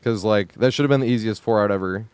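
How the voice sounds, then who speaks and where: A man streaming a game live, ranting in exasperation with frequent swearing and yelling at the screen in bursts. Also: lowish voice, quick pace, clean tone, no echo. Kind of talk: live gameplay commentary.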